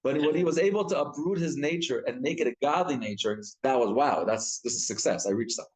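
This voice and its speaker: A rabbi with a medium-pitched voice teaches a live Torah class in a synagogue study hall, speaking fast. He tells stories with animation, often repeating and restarting his words.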